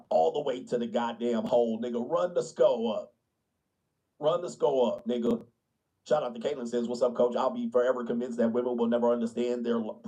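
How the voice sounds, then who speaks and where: A man's voice: mid-range voice, mellow, poor audio. A man in a played-back clip, talking in a brash, profane, boastful way while reading out chat.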